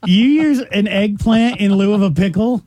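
High-voiced teasing male radio host. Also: moderate pace, darkish tone. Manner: teasing, playful questions. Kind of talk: casual on-air chat. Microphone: studio microphone.

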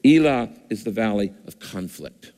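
A pastor preaches conversationally into a stage microphone in a church with a screen, often repeating his phrases. His voice is fairly low, dark and expressive at a normal speed, and the recording carries a long hall reverb.

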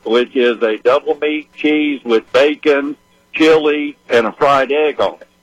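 Eager caller with a dry sound. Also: male voice, mid-range voice, a little slow, no room sound, highs cut off. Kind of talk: casual call-in chat.

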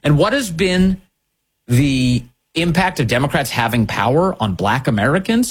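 A husky-voiced man hosting a commentary show, pressing his points with sarcasm and indignation. His pitch swoops up and down in lively leaps as he hammers each line home. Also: a little fast. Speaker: political commentary host. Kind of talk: opinion monologue.

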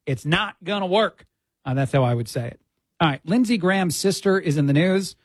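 A man's voice: high voice, expressive, fairly quick, no room sound. A man filling in as a radio host, giving opinionated commentary with frequent "uh" fillers into a studio mic.

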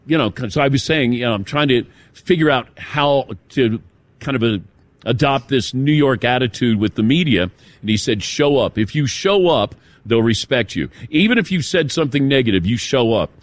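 A man's voice: medium pitch, animated, moderate pace, no room sound. A man hosting a sports talk radio show, telling stories and laughing easily as he passes the talk to his co-hosts. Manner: storytelling, laughs easily, hands off to co-hosts by name. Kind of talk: casual radio show banter.

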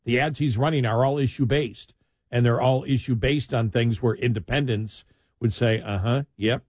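A man's voice: medium pitch, fairly even intonation, moderate pace, darkish tone, no room sound, studio quality. A man chatting casually about politics, rambling with restarts and sarcastic asides.

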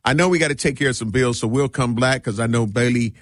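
A man's voice: medium pitch, quick pace, no room sound. Guy hosting a morning radio show, fired up and slangy, dry close sound. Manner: animated, slangy, emphatic. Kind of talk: casual radio talk.

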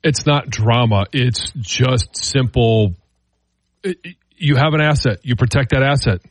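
A man's voice: medium pitch, unhurried, dry recording. Male co-host, mid voice, thinking aloud. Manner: thoughtful, repeats words as he works through a point. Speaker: sports radio co-host. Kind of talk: casual sports talk.

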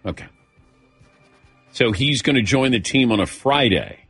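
A man's voice: medium pitch, expressive, unhurried, fairly bright tone, husky, no room sound, soft background music. A man hosting a sports talk show, chatting casually and calling on his crew by name with frequent chuckles.

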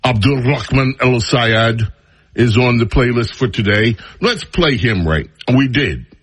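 A man's voice: mid-range voice, a little slow, breathy edge. A male radio talk show host giving an opinionated, mocking monologue. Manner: mocking, drawling, animated.

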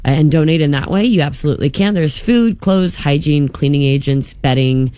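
A chatty female radio co-host with a notably low voice, sharing community news with plenty of fillers. The sound is dry and close on a studio mic. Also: normal speed, warm tone, no room sound. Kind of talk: morning radio banter.

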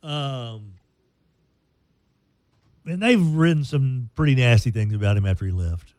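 A man's voice: medium pitch, animated, measured pace, a little mellow, no room sound. A man co-hosting a radio show in casual, rambling, joking chat. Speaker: radio host.

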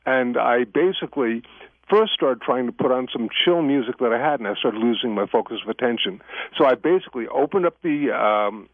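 A man's voice: medium pitch, animated, fairly quick, dry recording. A man who is the guest on a radio talk show, telling stories in a chatty way and laughing easily. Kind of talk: casual radio interview. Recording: tinny phone line, dry.

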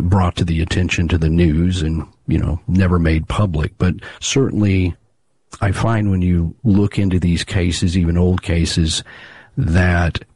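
Low, husky man explaining in a dry room. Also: a little mellow, dry recording. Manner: measured, explanatory storytelling. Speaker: researcher of local monster legends. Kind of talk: interview answers.

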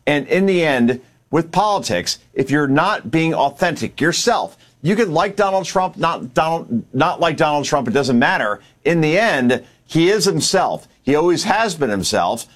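A man's voice: on the high side, lively intonation, moderate pace. A man commenting on politics in a panel discussion, emphatic and argumentative.

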